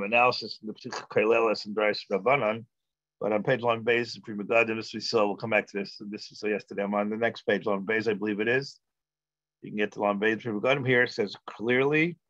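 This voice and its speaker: A man, a rabbi, teaching a text-study class, thinking aloud with halting restarts and filler sounds. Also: fairly low pitch, a bit bright, dry recording, dull audio.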